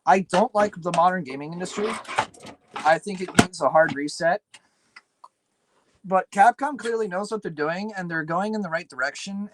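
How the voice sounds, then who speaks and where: A tired man talking through a late-night PC build on stream, his voice sitting a bit high. He mutters and swears as he works and drifts into loose, self-deprecating chatter. Faint hiss behind him. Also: normal speed, pauses often, poor audio. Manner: swears freely, mutters to himself while working. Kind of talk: casual livestream chat while building a PC.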